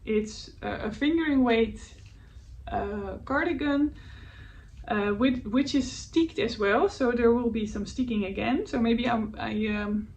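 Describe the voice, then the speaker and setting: Woman knitting host, slow and hesitant, slightly distant mic. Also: a little high. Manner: hesitant, searching for words, many fillers; laughs softly at herself. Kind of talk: casual show-and-tell chat. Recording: faint background noise, voice a bit distant from the mic.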